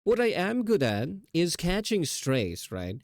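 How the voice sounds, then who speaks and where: A man's voice: a little high, huge pitch swings, measured pace, dry recording, clean studio sound. A man streaming live, chatting casually in a rambling, self-teasing way with laughs.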